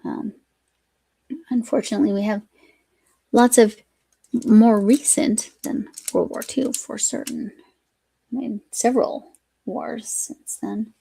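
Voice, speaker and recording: Woman host, gravelly fry, rambling live-stream crafter, mid-pitched. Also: steady tone, takes it slowly, long pauses, dark tone. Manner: rambling, chatty, often breaks off mid-sentence. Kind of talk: casual chat while crafting.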